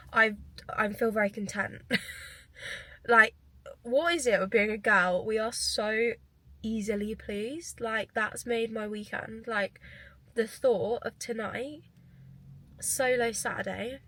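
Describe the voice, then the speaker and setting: A young woman talks straight to camera in a loose, rambling vlog. Her voice sits a little high, and her chatter runs on with "like" at every turn. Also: sharp tone. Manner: rambling, chatty, lots of "like" fillers. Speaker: vlogger and fitness coach.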